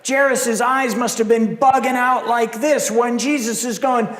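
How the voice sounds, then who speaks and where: In a church sanctuary, a male pastor with a fairly high voice preaches a sermon at a measured, unhurried pace. His animated storytelling brings the scenes to life, and the hall's long reverb wraps around every word.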